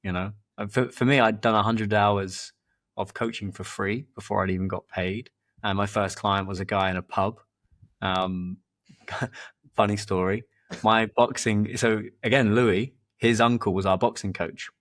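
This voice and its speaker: A man's voice: lowish voice, a little slow. A man, hosting a podcast and telling stories in a loose, rambling conversational way. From England. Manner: rambling, repeats words, lively when telling anecdotes. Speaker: podcast host and performance coach. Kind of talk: casual conversational storytelling.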